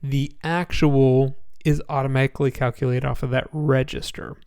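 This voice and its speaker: A man giving a casual screen-share walkthrough of a spreadsheet template, sleepy and yawning, relaxed and rambling with many ums. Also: medium pitch, moderate pace, vocal fry, clean tone.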